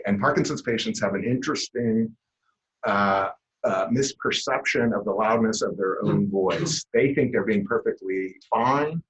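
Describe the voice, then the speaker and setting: A man giving a classroom lecture, explaining at a relaxed pace with lots of "uh" fillers. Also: on the low side, dull audio.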